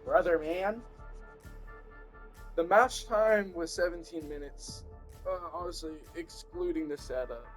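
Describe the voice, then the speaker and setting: A young man hosting his gaming channel, giving chatty, excitable commentary with playful asides. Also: a little high, normal speed, soft background music, rough recording. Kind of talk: casual gameplay commentary.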